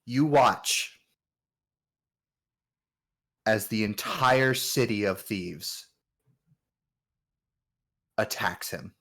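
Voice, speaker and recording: A man narrating as game master of a tabletop game, in a relaxed, filler-heavy way. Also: fairly low pitch, drawn-out words, pauses often.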